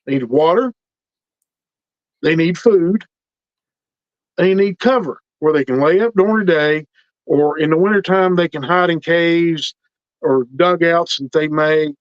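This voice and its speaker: With a voice on the high side, a middle-aged man tells casual stories unhurriedly, leaving long pauses. As an interview guest sharing his experiences, he animatedly quotes and acts out the others involved. The lo-fi recording is dry and dull.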